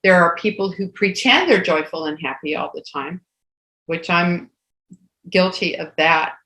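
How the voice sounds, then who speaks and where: Slow-talking older woman telling a story. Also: fairly low pitch. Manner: animated storyteller who acts out quoted dialogue. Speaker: co-host. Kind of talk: casual conversation, personal storytelling. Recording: roomy echo.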